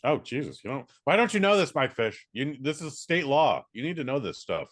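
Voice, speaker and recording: A man co-hosting a podcast in casual chat, quick and sarcastic, breaking into jokey voices. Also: mid-range voice, big pitch swings, fairly bright tone, no echo, studio quality. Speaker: podcast co-host.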